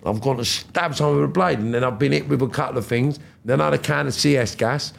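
Gravelly London man telling blunt stories. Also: mid-range voice, quick pace. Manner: blunt street slang, swears freely, vivid retelling. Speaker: guest. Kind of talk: casual storytelling.

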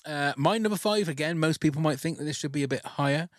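A man's voice: fairly high pitch, fast talker, dry recording, clean studio sound. A man hosting a podcast in casual chat, with playful, teasing banter. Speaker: podcast host.

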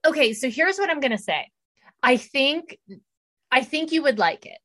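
A middle-aged woman co-hosting a podcast, chatting casually and telling animated stories with bursts of laughter. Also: high-pitched, moderate pace. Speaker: podcast co-host. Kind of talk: casual chat.

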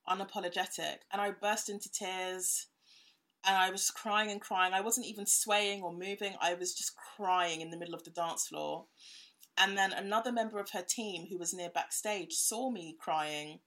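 A woman's voice: lowish voice, moderate pace, fairly bright tone. A young woman, a guest telling a personal story in a casual, chatty way with many fillers and laughs.

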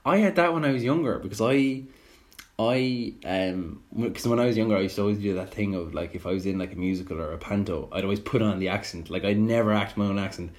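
A man's voice: lowish voice, fast. A young man with an Irish accent hosting a casual podcast chat, often restarting sentences and swearing. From Ireland. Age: young adult. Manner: stumbling restarts, swearing, animated. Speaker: podcast host.

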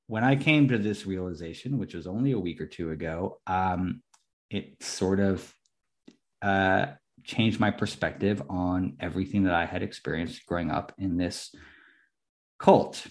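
A young man co-hosting a casual chat, excitable and swearing freely, laughing often. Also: sits low, slow, long pauses. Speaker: podcast co-host.

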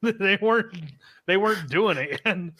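A man's voice: sits high, measured pace, pushed and bright. A man guest on a podcast, chiming in with short remarks and repeating favorite movie lines. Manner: chimes in briefly, repeats quoted lines, laughs. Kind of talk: casual chat.

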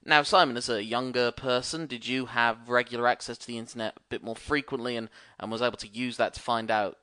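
A man's voice: medium pitch, steady tone, fast talker, pushed and bright, smooth, no echo. A man in his thirties co-hosting a podcast, opening with theatrical, jokey patter. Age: 30s. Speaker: podcast co-host. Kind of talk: casual podcast chat.

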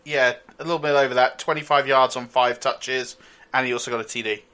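Bright-toned co-host, flat delivery. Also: male voice, mid-range voice, brisk. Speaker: podcast co-host. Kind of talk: casual podcast chat.

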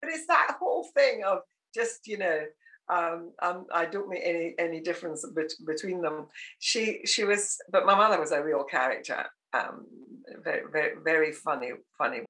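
A woman's voice: lowish voice, normal speed, sharp tone. An older woman, a podcast guest telling family anecdotes with frequent laughter. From Scotland. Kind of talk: conversational interview.

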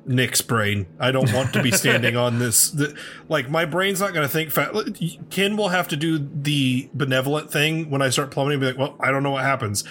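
A man's voice: medium pitch, moderate pace, fairly bright tone, slight background noise. A man playing a tabletop game, flustered and anxious, swearing and laughing nervously. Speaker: player. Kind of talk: tabletop game play, casual chat.

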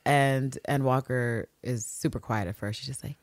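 A woman co-hosting a casual recap podcast, animated, acting out characters in exaggerated voices and swearing freely. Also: a bass voice, normal speed, dry recording. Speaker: podcast co-host.

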